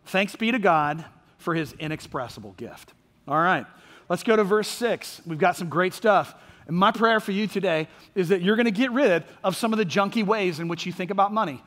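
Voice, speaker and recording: A man's voice: sits high, a little fast, fairly bright tone, long reverb tail. A man from Orlando preaching a sermon as a pastor, talking conversationally with fillers and frequent "right?" check-ins. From Orlando, Florida, USA. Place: church sanctuary.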